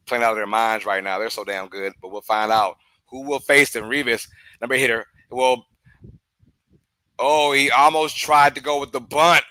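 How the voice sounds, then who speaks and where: Excitable bright-voiced man calling a game. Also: no echo, low-quality recording. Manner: excitable, breaks into loud outbursts and laughter; chatty, drifts into side talk between pitches. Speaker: host of a live game watch-along stream. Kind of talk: casual live play-by-play commentary.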